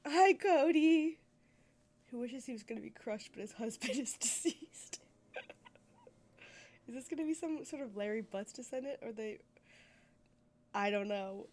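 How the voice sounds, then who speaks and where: Casting: hoarse, sick woman gamer, higher pitched, chatty and apologetic, coughing through. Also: moderate pace, long pauses, a little mellow, slight background noise. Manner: self-deprecating, apologetic. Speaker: streamer. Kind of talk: let's play commentary.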